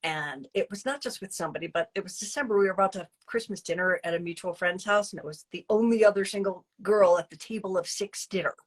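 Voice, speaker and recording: A woman with a husky, slightly breathy voice tells a personal story as an interview guest. Her pitch sits in the middle range, and her delivery is chatty and lively, full of fillers and restarts. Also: quick pace, few pauses. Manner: chatty and animated, many fillers and restarts, acting out her own past lines.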